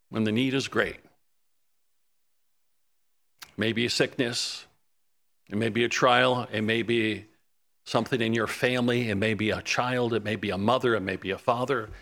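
A man preaching a sermon, fervent, rising to urgent pleading when he quotes prayers and dropping low and soft when he lists needs. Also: gravelly.

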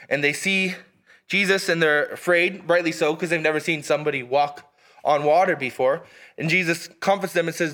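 A man preaching a sermon in an earnest, emphatic way, reading scripture aloud and pausing for weight. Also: a little high, fairly even intonation, pushed and bright. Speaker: pastor.

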